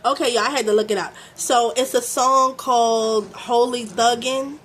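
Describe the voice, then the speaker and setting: A woman's voice: fairly high pitch, steady tone, normal speed, a bit bright. Chatty Baltimore woman reading tarot. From Baltimore, USA. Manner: chatty, frequent "okay?" and fillers, swears freely. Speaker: tarot reader. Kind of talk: casual tarot reading to camera.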